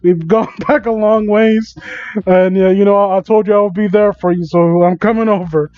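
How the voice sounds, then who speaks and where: A man's voice: sits high, steady tone, normal speed, clean tone, dry recording, lightly acted. A man voicing an easygoing, loyal male friend in a casual, chummy tone, on a dull lo-fi mic.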